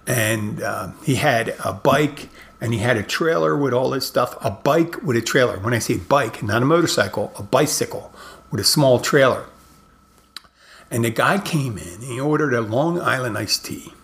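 A middle-aged man, a bartender hosting his podcast, telling stories in a casual, halting monologue with many restarts. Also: mid-range voice, expressive, creaky, a bit bright.

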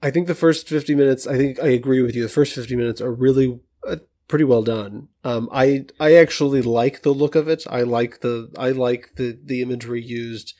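A man co-hosting a film podcast, measured and hesitant as he thinks through his opinions. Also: medium pitch, steady tone, mellow. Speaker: podcast co-host. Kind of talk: casual film discussion.

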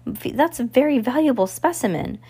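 A woman voicing a quiet, gentle young woman scientist in a storybook reading, with a subdued delivery. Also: sits high, animated, a little fast, slightly rough, pitched above the performer's own voice, full character voice.

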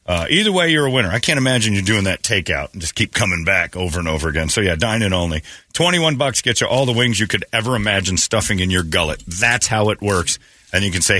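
A middle-aged man hosting morning radio, with a very deep voice that still swings widely as he jokes. The tone is bright and a touch husky, and he speaks into a dry, close studio mic, quick with sarcasm. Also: no echo. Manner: joking, sarcastic, animated delivery. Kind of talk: casual morning show banter. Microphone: studio microphone.

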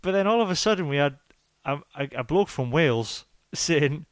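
A man hosting a podcast, talking in an animated, rambling, jokey way. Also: a little high, moderate pace, no echo, studio quality. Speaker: podcast host. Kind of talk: casual chat.

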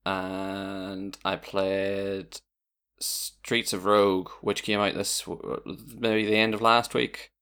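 A games reviewer on a podcast sums up a game in a matter-of-fact way. His voice is low and full of gravelly fry. His delivery stays flat, with little rise or fall. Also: slow. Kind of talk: casual game chat.

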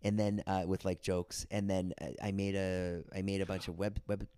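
Male guest, very low voice, rambling storyteller, dry close sound. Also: level tone, moderate pace, dark tone, clear, resonant tone, dry recording. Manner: rambling, quotes people in put-on voices. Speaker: podcast guest, comedian and filmmaker. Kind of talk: casual storytelling.

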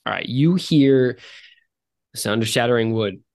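A man narrating a tabletop game as game master, halting and swearing when he stumbles. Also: medium pitch, creaky, a little mellow.

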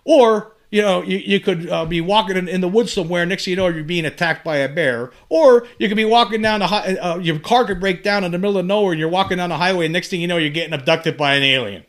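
A man's voice: sits high, fast, hardly any pauses. A man in his fifties talking on his own, rambling and impassioned, often repeating words and restarting sentences as he builds to urgent appeals. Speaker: channel host. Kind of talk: monologue to camera.

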